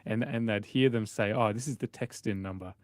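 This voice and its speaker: A man's voice: fairly low pitch, fairly quick, no room sound. Chatty young man hosting radio. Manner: chatty, repeats words, laughs easily. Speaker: radio host. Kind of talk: casual radio chat. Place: radio studio. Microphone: studio microphone.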